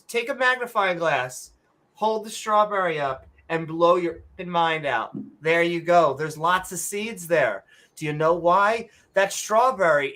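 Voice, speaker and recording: A woman's voice: on the low side, fairly bright tone. A woman co-hosting a podcast, ranting bluntly and sarcastically in casual chat and swearing freely. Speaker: podcast co-host.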